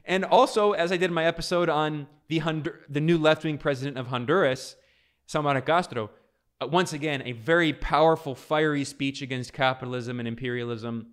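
Emphatic man with a clear, smooth voice. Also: on the high side, fairly quick. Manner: emphatic, repeats key phrases for stress. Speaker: political commentary host. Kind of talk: video commentary reading and explaining a speech.

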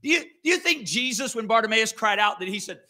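Bright-voiced man preaching a story. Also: sits high, animated, fairly quick. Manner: earnest, conversational, with frequent restarts. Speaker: pastor. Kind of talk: sermon storytelling.

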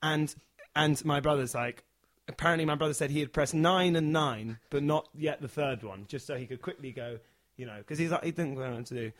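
A man telling a funny story in a casual chat, animated and acting out the people in it. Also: a little high, brisk, dry recording. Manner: animated, acts out the characters.

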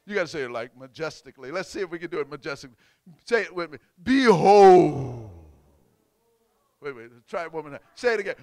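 A man preaching a call-and-response sermon, prompting the congregation and bursting into shouts. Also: a little high, lively intonation, very fast, no echo.

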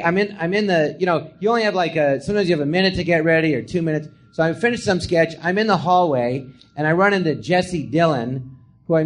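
A middle-aged comedian telling stories from his career in a casual chat, acting out what people said in a hushed voice. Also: on the high side, slight background noise. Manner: animated storyteller, acts out quotes in a hushed voice. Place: small live podcast theatre.

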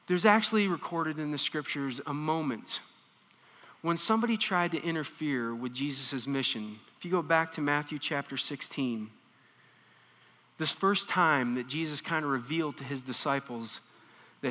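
A man preaching a sermon, animated, swinging between quiet explanation and intense emphasis. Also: on the high side, moderate pace. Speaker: pastor. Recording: reverberant hall.

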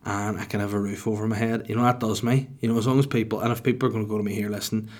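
A man's voice: fairly low pitch, little pitch movement, rapid-fire, darkish tone. A young man with a Northern Irish accent rambling profanely through a casual podcast monologue. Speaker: podcast host.

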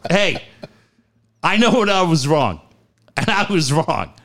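A man's voice: fairly high pitch, takes it slowly. A man in his forties co-hosting a show, telling stories with lots of swearing and put-on voices. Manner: animated, swearing, puts on voices in anecdotes. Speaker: radio show co-host. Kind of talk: casual banter.

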